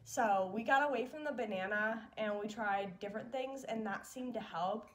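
Chatty young mom, bright higher voice. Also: female voice, moderate pace. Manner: chatty, fond, with lots of fillers like "like". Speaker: mom vlogger. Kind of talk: casual chat.

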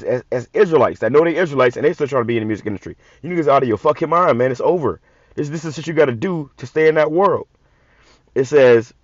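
A man preaching from scripture, reading verses slowly and then commenting in blunt, profane street talk with many repeated words. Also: mid-range voice, dry recording, highs cut off. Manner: reads verses slowly and louder. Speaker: online preacher.

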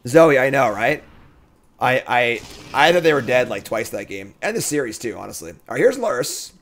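Man, game streamer, casual commentary, animated swooping pitch, thinks aloud, bursts out at chat. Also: moderate pace. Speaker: streamer playing a card game.

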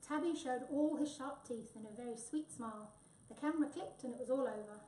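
A woman reads a children's storybook aloud, lively and expressive. Her voice is somewhat high. She sounds distant, in a roomy, echoing space. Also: brisk, slight background noise. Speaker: reader. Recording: echoey room, voice from far off.

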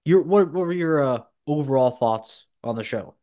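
A man's voice: on the high side, lively intonation, normal speed, dark tone. Opinionated man hosting a casual podcast. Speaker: podcast host. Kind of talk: casual chat.

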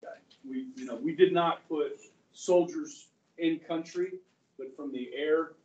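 A man's voice: a little high, unhurried, warm tone, muffled recording. A male history teacher giving a classroom lecture, chatty, asking the class questions and acting out quotes. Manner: conversational, asks the class questions, acts out quotes. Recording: roomy classroom audio from far off.

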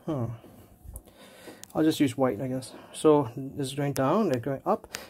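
A man's voice: medium pitch, a little slow, darkish tone, slight background noise. Man musing aloud, slightly out of breath. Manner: thinking aloud, hesitant with fillers. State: panting while working out. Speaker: crypto vlogger. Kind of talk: casual screen walkthrough. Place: gym.

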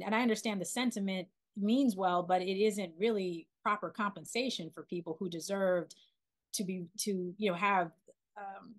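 A woman in her forties from Philadelphia, a documentary filmmaker being interviewed, talking in an animated way with many restarts and fillers. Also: medium pitch. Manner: animated, lots of restarts and "you know". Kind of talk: casual interview storytelling.

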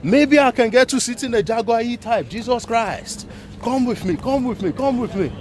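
A man excitedly showing off cars at an outdoor car meet, talking to the camera. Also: very high-pitched, normal speed, faint music behind. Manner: playful, exclaiming, talking to the camera. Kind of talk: excited walk-around vlog.

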